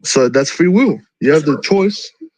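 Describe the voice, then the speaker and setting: A man's voice: a little high, big pitch swings, normal speed, a little mellow, no echo, low-quality recording. A man calling into a live stream who argues his case earnestly, repeating words and restarting often. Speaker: caller.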